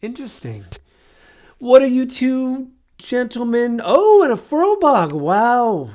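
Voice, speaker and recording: A man's voice: extremely high pitch, very animated, takes it slowly, darkish tone, pitched above the performer's own voice, heavily acted. A man voicing a tall, mummified old embalmer who is polite, particular and airy. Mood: fussy, curious.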